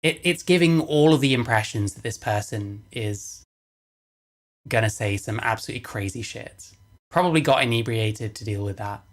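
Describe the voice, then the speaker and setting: A woman's voice: extremely low pitch, lively intonation, normal speed. A woman reacting to a video on stream, sarcastic, swearing and dismissive in casual commentary.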